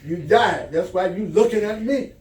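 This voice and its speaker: A preacher voicing a calm male angel who questions a dead man in a low, matter-of-fact way. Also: normal speed. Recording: echoey hall, mic at a distance.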